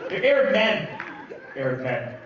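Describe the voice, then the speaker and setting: A man from Lebanon performs live stand-up, loud and animated as he works the crowd, his voice sitting fairly high. He is heard from far off in a booming, echoey hall. The sound is dull and lo-fi, with a loud crowd laughing behind him. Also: measured pace, noisy background. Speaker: stand-up comedian. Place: large comedy venue with live audience.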